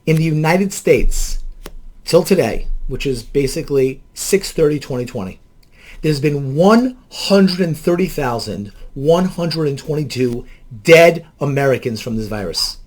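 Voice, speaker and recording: A man's voice: on the high side, expressive, a little slow, a little mellow. A man working as a counselor gives spoken commentary, emphatic and rhetorical, and he often repeats key phrases.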